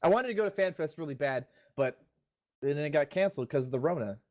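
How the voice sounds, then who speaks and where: A man's voice: a little high, lively intonation, quick pace, darkish tone, highs cut off. Joking man from North Dakota. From North Dakota, USA. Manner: joking, self-deprecating. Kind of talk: casual group chat.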